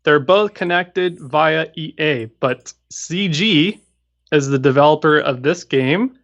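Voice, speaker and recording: A man from Greece chatting casually about games on a stream, slow and hesitant, often correcting himself. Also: a little high, creaky, a bit bright, highs cut off. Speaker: stream co-host. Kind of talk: casual gaming chat.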